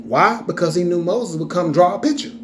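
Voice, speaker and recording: A man's voice: high-pitched, brisk, background noise. A man giving an informal scripture teaching in an emphatic way, often checking in with the listener. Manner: emphatic, keeps checking in with "okay?". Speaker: religious teacher.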